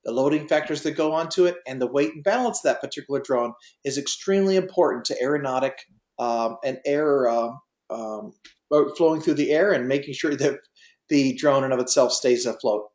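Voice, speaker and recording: A man's voice: mid-range voice, a little fast, a little mellow, echoey room. A man teaching an online class on drone pilot rules, in a folksy, rambling way with many fillers and restarts, speaking over a video call. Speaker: drone pilot test prep instructor. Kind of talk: online class lecture with a told joke.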